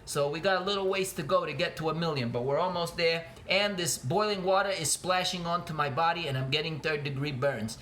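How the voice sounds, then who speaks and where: A man's voice: on the high side, brisk, few pauses, fairly bright tone, slight background noise. A man, a teacher, giving a chatty, playful cooking demonstration to his students in a home kitchen, talking to the camera a helper holds. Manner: playful, chatty, speaks straight to the kids. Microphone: camera held by a cameraman.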